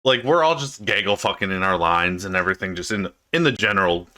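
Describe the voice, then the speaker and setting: A man co-hosts a casual podcast, trading stories in a relaxed way. His voice sits on the low side but rises and falls a lot. The tone is bright and sharp. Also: fast. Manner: relaxed, chiming in, recalling stories. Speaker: podcast co-host. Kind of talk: casual chat.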